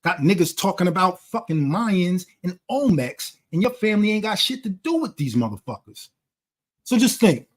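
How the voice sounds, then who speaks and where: A man's voice: high voice, big pitch swings, normal speed. A man talking in a blunt, profane, lecturing way during a casual conversation. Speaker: channel host.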